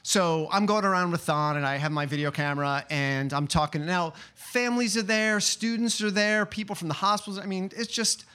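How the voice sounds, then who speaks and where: A man telling a personal story at a live open-mic event, chatty and excitable, full of fillers and restarts. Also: sits high, brisk, few pauses, clean tone.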